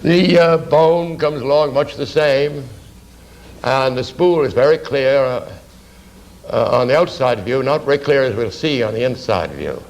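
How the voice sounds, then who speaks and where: Male anatomy instructor at the board, gravelly and halting, peppers talk with "you see", faint hum behind. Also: mid-range voice, darkish tone, rough recording. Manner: dry asides to the class. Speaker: art anatomy lecturer. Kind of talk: classroom lecture while drawing.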